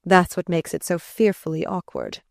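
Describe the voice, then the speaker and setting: A charming, flustered gentleman, voiced by a woman reading an audiobook talks to a child with fond teasing that keeps slipping into unease. The voice sits fairly low and the recording is dry, with no room sound. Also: wildly swooping pitch, moderate pace, vocal fry, dry recording, full character voice.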